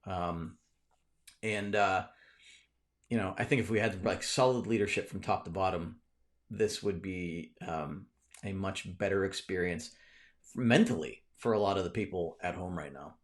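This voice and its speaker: A man's voice: low voice, measured pace. A man, hosting a casual live stream from a cluttered home room, rambling with many restarts while he answers viewer comments.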